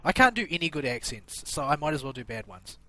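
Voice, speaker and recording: A man's voice: fairly high pitch, big pitch swings, fast, bright, forceful tone. A man in a casual gaming voice chat, grumbling with dry sarcasm into a headset mic. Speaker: gamer on voice chat.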